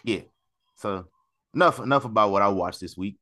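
A man's voice: fairly low pitch, normal speed. A man in his thirties co-hosting a podcast, telling wrestling stories in a loose, slangy way. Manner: storytelling, animated with slang. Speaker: podcast co-host. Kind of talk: casual wrestling chat.

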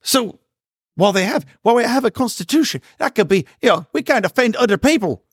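A man's voice: very high voice, animated, a little fast, husky, no echo, studio quality, pitched above the performer's own voice, full character voice. A man doing a mocking put-on Irish accent as a prim, preachy lawmaker, in an exaggerated sing-song.

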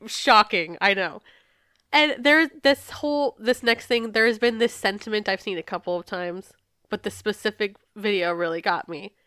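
A woman's voice: mid-range voice, normal speed, fairly bright tone, smooth, no echo, clean studio sound. A woman co-hosting a casual podcast, emotional and teary, swearing freely, with a stuffy nose from crying. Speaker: podcast co-host. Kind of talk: casual chat.

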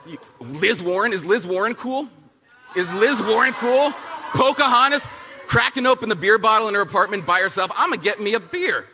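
A man giving a punchy, fiery speech at a youth summit. He repeats lines for effect and mocks people with quick impressions. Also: high-pitched, expressive, bright, forceful tone, slight background noise. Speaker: speaker at a youth political summit. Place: large hall at a summit, with an audience. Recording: big hall with long reverb and a faint crowd.

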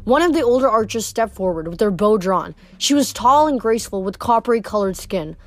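A woman's voice: mid-range voice, animated, fairly quick, dry recording. A woman reading a novel aloud, stumbling and correcting herself now and then. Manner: casual, stumbles and self-corrects. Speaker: reader.

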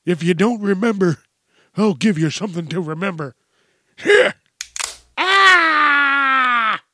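A man putting on a shouty feisty old war vet. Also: moderate pace, slight background noise, natural voice. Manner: boastful, shouting, high strained voice. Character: feisty old male war veteran fighting off a mugger. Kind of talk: comedy sketch.

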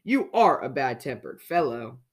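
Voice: medium pitch, sing-song, a little slow, slightly rough. A storyteller voicing a cheerful, friendly male storybook character who talks with a laugh. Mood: cheery. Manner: bright, laughing. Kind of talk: children's storybook reading.

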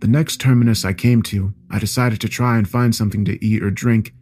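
A man's voice: lowish voice, fairly even intonation, a little fast, darkish tone. A man reading a first-person horror story aloud in a dramatic, scripted narration.

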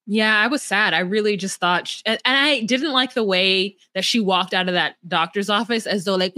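A woman's voice: medium pitch, moderate pace, few pauses, pushed and bright, no echo, studio quality. A woman co-hosting a podcast, speaking frankly and with some heat, swearing freely as she recaps a reality show. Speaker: podcast co-host. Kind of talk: casual reality-TV recap chat.

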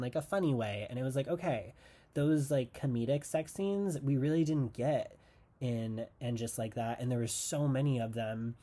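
A man's voice: medium pitch, mellow. A man hosting a casual podcast episode, recapping a TV finale in a sarcastic, chatty way, peppering his talk with "like" and acting out the characters' lines. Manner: sarcastic, full of "like", acts out quoted lines. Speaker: podcast host recapping a TV show.

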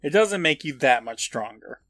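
A man's voice: a little high, expressive, normal speed, fairly bright tone, no room sound. A man co-hosting a podcast, casually recapping an episode with frequent laughs and offhand swearing. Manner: laughs while narrating, swears casually, acts out quotes. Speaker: podcast co-host.

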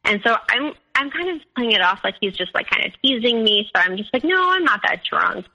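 A woman's voice: a little high, lively intonation, quick pace, bright, forceful tone, low-quality recording. A woman on a podcast telling her own story in a hesitant way, with many ums and likes. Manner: hesitant, full of "um" and "like". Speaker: podcast guest. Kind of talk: recounting a personal story.

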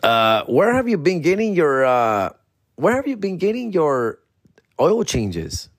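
A man's voice: a little high, wildly swooping pitch, a little slow, no room sound, voice pushed up, heavily acted. A man voicing a blunt, sarcastic female insurance broker who talks in a casual, slangy, teasing way, close to his own voice. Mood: matter-of-fact.

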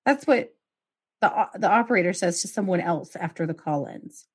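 A woman's voice: lowish voice, lively intonation, normal speed, breathy edge. A woman hosting a podcast, retelling a true crime case and acting out the quoted calls with outraged asides. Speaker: podcast host.

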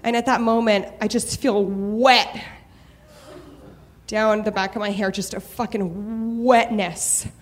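A woman's voice: mid-range voice, fairly even intonation, takes it slowly. A young woman telling a candid, profane personal story on stage, building to comic rants.

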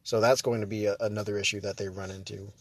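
A man's voice: on the low side, level tone, fast talker, no room sound. A man ranting in a casual monologue, exasperated and rambling, with many fillers and restarts. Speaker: vlogger.

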